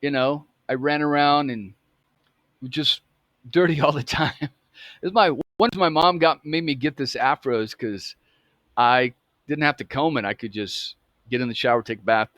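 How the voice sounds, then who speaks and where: A man's voice: mid-range voice, moderate pace, fairly bright tone, no room sound, studio quality. A man in his fifties telling a personal story in a casual, rambling way, often correcting himself. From United States. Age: 50s. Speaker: vlogger.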